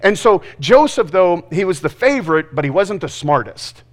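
A man's voice: high voice, very animated, normal speed. A man preaching a casual, joking sermon in a conversational, self-deprecating way. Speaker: pastor.

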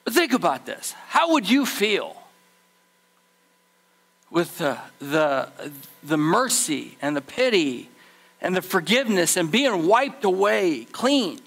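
A man preaching a sermon as pastor, animated, acting out the people in his story. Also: sits high, slow, gravelly.

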